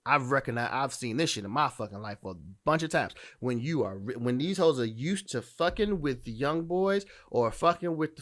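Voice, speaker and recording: Blunt, profane man ranting. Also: a little high. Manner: blunt, profane, emphatic, with frequent restarts. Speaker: podcast host. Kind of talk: opinionated dating commentary.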